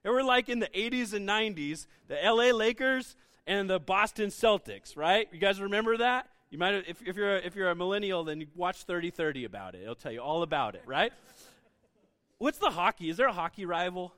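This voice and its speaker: A man's voice: sits high, lively intonation, brisk, fairly bright tone. A young man preaching a conversational sermon, asking the audience questions as he goes. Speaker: pastor.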